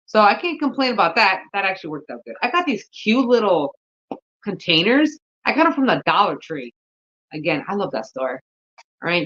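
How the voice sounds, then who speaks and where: A woman's voice: sits low, a bit bright, muffled recording. A woman chatting casually in a gardening vlog, rambling and talking to herself, tired and yawning. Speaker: gardening vlogger.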